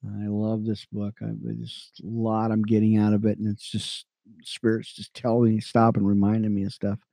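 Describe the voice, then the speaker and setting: A man teaching the Bible on radio, reading verses aloud between excited, chatty asides to his listeners. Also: on the low side, normal speed, gravelly, dry recording. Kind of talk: reading scripture with commentary.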